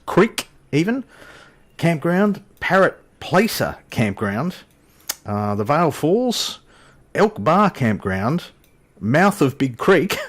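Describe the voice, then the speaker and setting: Husky low-voiced Australian man, lively. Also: measured pace. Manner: chatty, joking, self-deprecating. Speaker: flight sim channel host. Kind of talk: casual gameplay commentary.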